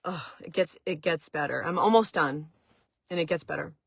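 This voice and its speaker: A woman's voice: sits low, normal speed, creaky, fairly bright tone, husky, dry recording, clean studio sound. A middle-aged woman with a Maine accent tells a personal story in a casual livestream chat, full of fillers and restarts, and talks now and then to viewers in the chat. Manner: chatty, emotional, many fillers and restarts. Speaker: host of a chat stream.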